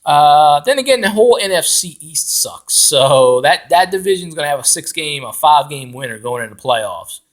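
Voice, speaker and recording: A man ranting as a football fan, loud and profane, with lots of fillers and restarts. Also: on the high side, lively intonation, normal speed, few pauses. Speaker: fan commentator.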